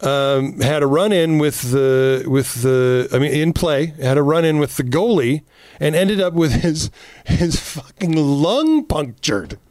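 A man co-hosting a political podcast, telling stories in a casual, animated way, swearing freely and acting out quotes. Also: fairly high pitch, measured pace, no echo, studio quality. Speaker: podcast co-host.

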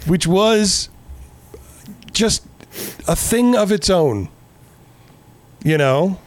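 A man's voice: high-pitched, lively intonation, very slow, no echo. A man in casual chat recapping a movie in a rambling, sarcastic way, swearing often. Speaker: podcast co-host.

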